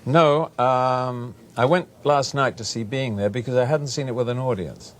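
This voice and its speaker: A man's voice: mid-range voice, normal speed. A man from England, a guest on a talk show, speaking hesitantly with many fillers and a playful streak. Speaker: guest actor.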